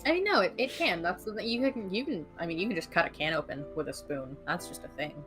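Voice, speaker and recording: A woman's voice: lowish voice, animated, fast talker, music in the background. A woman chatting casually with friends on a stream, rambling a little as she explains things. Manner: rambling, with restarts. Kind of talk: casual chat.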